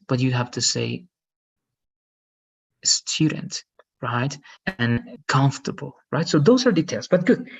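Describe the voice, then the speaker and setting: A man's voice: mid-range voice, gravelly, husky, lo-fi sound. A man teaching an online English lesson, patiently explaining and often checking with "right?". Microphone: video call.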